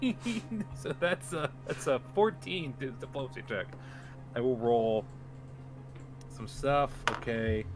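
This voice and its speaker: A man's voice: mid-range voice, slow, music in the background. A man running a tabletop game as game master, narrating in a loose, rambling way full of filler words.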